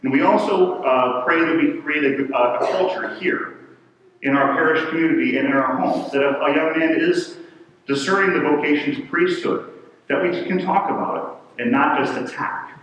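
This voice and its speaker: A man's voice: on the high side, moderate pace, fairly bright tone. A man preaching a sermon as a parish pastor, in an earnest, conversational way. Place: large church. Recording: echoey church hall from far off, faint ambience.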